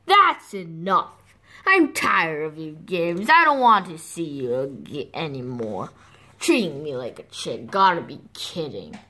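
A woman voicing a cranky fox who is raising a brood of chicks, curt and gruff. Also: medium pitch, big pitch swings, unhurried, bright, forceful tone. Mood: grumpy.

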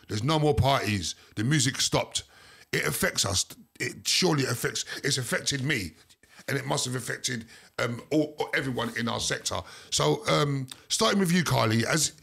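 Gravelly husky man hosting a panel. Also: medium pitch, fairly bright tone. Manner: brief encouraging interjections between guests. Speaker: podcast host. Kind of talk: casual panel chat.

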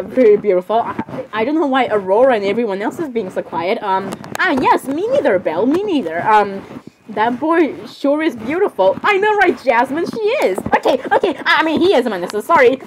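A high-voiced woman performs a one-person role-play, jumping quickly from one character voice to the next with plenty of giggles. Her pitch swoops all over the place, and a faint hiss sits under the recording. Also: very animated. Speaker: solo role-play creator. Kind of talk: solo role-play voicing many characters.

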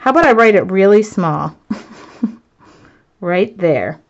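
A woman artist chatting to her live viewers as she works, excitable and self-mocking, laughing often. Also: medium pitch, measured pace. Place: home art studio, indoors. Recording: dull lo-fi stream audio.

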